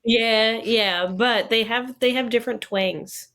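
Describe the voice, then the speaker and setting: A woman's voice: a little high, slow pace, fairly bright tone. A young woman co-hosting a casual podcast chat, talking loosely, laughing often and acting out the people she quotes. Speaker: podcast co-host.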